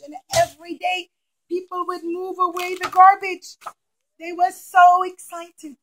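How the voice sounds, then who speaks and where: A woman telling a story to young children in a classroom, animated, acting out the characters with gasps and whispers. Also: high-pitched, a little hiss or hum, poor audio.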